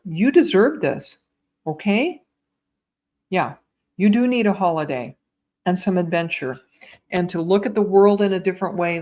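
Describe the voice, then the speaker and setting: Woman psychic medium, live online reading, soft reassuring tone, lowish voice, slightly muffled stream audio. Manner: gentle, reassuring, addresses viewers as sweetheart and my dear.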